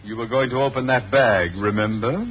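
A man's voice: mid-range voice, fairly even intonation, normal speed, slightly rough, lightly acted. An actor playing a stuffy, officious male school official in a 1950s radio sitcom, fussy and formal. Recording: dull old radio recording with hiss.

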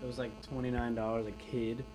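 A young man in a band, interviewed casually, low-key with deadpan mumbled asides. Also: brisk. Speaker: band member, interview guest. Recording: loud mains hum.

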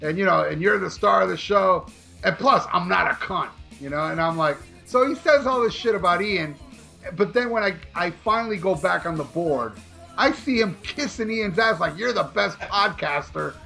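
Podcast co-host, man, rambling and profane, bright forceful tone, slightly high voice, faint music behind. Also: moderate pace, vocal fry. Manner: animated, profane, rambling with restarts. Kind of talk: casual podcast storytelling.

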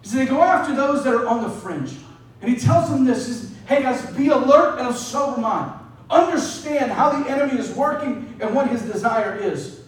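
A man's voice: extremely high pitch, animated, moderate pace. A young adult male pastor preaching a sermon, telling a story in a conversational way and often asking "right?". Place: church hall. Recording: echoey hall, mic at a distance.

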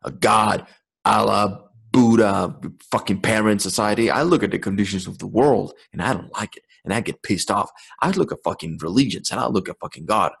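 A man with a husky, somewhat low voice hosts a podcast. He talks in a blunt, profane, preachy style, pushing his listeners hard in an intense motivational monologue. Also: fairly quick, a bit bright. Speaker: podcast host.

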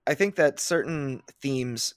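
A man's voice: mid-range voice, slow, dry recording, clean studio sound. A man hosting a podcast, talking casually and energetically, often restarting his sentences. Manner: energetic and chatty, with frequent restarts. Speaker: podcast host.

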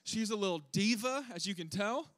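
A young man telling a funny family story to an audience, animated and self-deprecating, acting out his kids' voices. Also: high voice, moderate pace, no echo.

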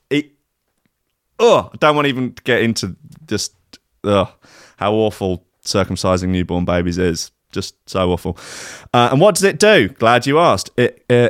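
A man's voice: mid-range voice, no room sound, clean studio sound. A man hosting a streamed comedy show, ranting sarcastically and swearing in exasperation. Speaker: host.

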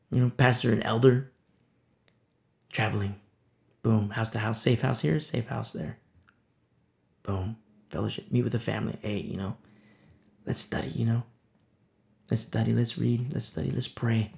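Gravelly-voiced man preaching casually. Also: mid-range voice, fairly even intonation, moderate pace, long pauses, a little mellow. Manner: conversational preaching, acting out little scenes. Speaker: pastor. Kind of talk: informal sermon on a Bible passage.

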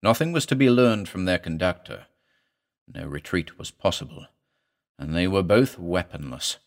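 A man narrating a weird fiction story in a measured, even audiobook delivery. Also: sits low.

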